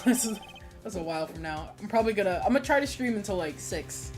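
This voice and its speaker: A woman's voice: medium pitch, animated, fast. A young woman streaming a game, chatting casually, giggling and swearing now and then. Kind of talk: casual gameplay commentary. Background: game music.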